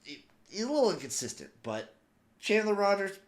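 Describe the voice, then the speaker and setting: A man giving casual, opinionated sports commentary as a podcaster, rambling with animated asides. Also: sits high, moderate pace. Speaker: football podcaster.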